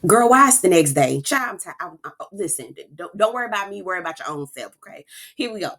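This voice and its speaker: A woman with a lowish, fairly bright, expressive voice talks quickly while hosting a casual reality TV recap. She's sassy and profane, laughs often, and keeps tossing out "girl" and "child."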